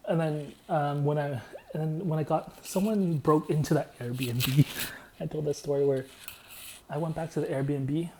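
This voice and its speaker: Guy with a mellow voice rambling deadpan, wanders off topic, faint hum behind. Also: on the high side, unhurried. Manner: meandering, deadpan, repeats himself. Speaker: vlogger. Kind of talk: rambling storytelling monologue.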